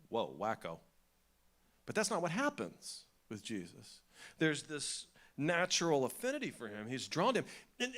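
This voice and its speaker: A man preaching a sermon in church, animated and conversational, often asking the congregation rhetorical questions. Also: medium pitch. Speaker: pastor.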